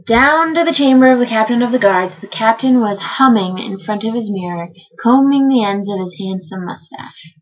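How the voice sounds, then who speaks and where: A woman giving a theatrical, lively reading of a children's book. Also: fairly high pitch, normal speed, few pauses, lo-fi sound. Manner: lively storytelling. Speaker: reader.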